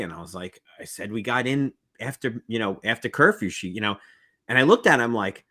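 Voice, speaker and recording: A man hosting a podcast in casual chat, jokey and quick to act out quotes. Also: mid-range voice. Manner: lively, jokey, quotes himself and others. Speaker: podcast host.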